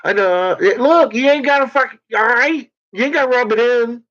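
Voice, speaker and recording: A man's voice: very high voice, normal speed, a bit bright. A man in casual chat who keeps breaking into laughter, with a crude, profane manner. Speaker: podcast host. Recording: dull lo-fi recording.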